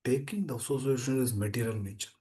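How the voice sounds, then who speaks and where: A man's voice: mid-range voice, fast, mellow. A man giving a scripture class, emphatic and repetitive, speaking over a video call. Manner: repetitive, emphatic, pleading "please understand". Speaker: preacher.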